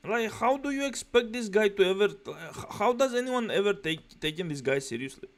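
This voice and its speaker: A man giving profane, exasperated commentary while reacting to a gameplay video. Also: sits high. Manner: exasperated, sweary, mocking.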